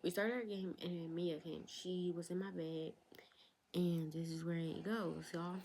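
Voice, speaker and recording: Young woman, storytime vlogger, chatty, speaks to viewers directly, whispered asides, lowish voice. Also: fairly even intonation, unhurried, noisy background. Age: young adult. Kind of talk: storytime vlog.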